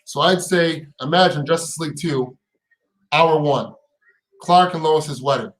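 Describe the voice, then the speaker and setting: A man's voice: a little high, measured pace, echoey room, rough recording. Fired-up man ranting on a live stream. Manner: heated, profane, repeats words and restarts; rhetorical questions in rising bursts. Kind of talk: casual live stream chat.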